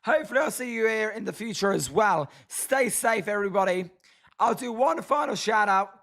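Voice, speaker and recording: High-voiced British man commentating a stream. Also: animated, moderate pace, gravelly, a bit bright. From Britain. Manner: chatty, reads chat names, groans at the team. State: hoarse, voice tiring. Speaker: livestream host. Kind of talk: casual live watch-along commentary.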